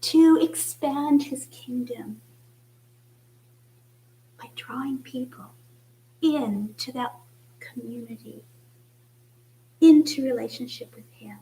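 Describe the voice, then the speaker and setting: Woman preacher, high voice, gentle reflective sermon with hushed passages. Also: a little hiss or hum, low-quality recording. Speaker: church speaker. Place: church.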